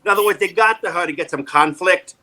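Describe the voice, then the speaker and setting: A man's voice: sits high, fast talker, poor audio. A man in his sixties, an actor, telling stories in a casual interview and acting out the people in them. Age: 60s. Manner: animated, acts out quoted voices loudly. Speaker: actor guest.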